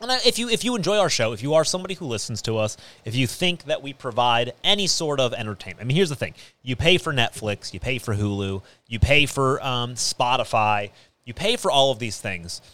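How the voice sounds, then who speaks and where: Animated, rambling male podcast host. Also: medium pitch, fairly quick. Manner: rambling, with many fillers and restarts. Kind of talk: casual chat. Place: small studio.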